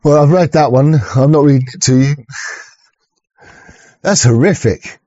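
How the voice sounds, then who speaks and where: A man's voice: on the high side, unhurried, long pauses, warm tone, no echo. A man hosting an online show, talking in a crude, rambling way, swearing often and stumbling over restarts. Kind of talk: rambling casual monologue. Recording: dull lo-fi recording.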